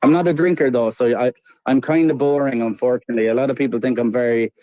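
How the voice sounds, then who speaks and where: A man's voice: mid-range voice, steady tone, fast talker, warm tone, no echo, poor audio. A man from Ireland with an Irish accent, calling into a live stream and chatting casually, rambling with lots of restarts and easy laughs. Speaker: guest caller. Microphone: remote call connection.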